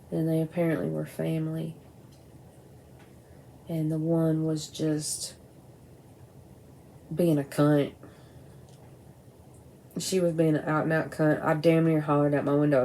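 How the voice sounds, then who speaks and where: A woman's voice: low voice, gravelly, dark tone, slight background noise, poor audio. A middle-aged woman talking candidly and bluntly to camera at home, rambling and swearing now and then. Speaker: vlogger. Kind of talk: casual personal talk to camera. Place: at home by a window at night.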